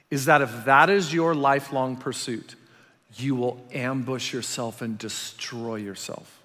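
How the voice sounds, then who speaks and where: A man preaching a sermon in a large church, telling stories with lively, acted-out quotes that swing from loud to hushed. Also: mid-range voice. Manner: animated storytelling, acts out quotes with big swings from loud to hushed. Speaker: pastor. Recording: reverberant hall.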